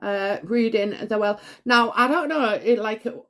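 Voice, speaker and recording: A woman's voice: a little high, unhurried, fairly bright tone. Rambling woman reading tarot. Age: 40s. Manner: rambling, hesitant, full of fillers and gasps. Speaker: tarot reader. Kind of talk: solo tarot reading vlog.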